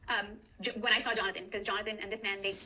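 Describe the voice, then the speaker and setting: Bright woman talking quick, earnest and emotional, telling her side. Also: mid-range voice, flat delivery, low-quality recording. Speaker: guest in a recorded statement. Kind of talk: personal testimony.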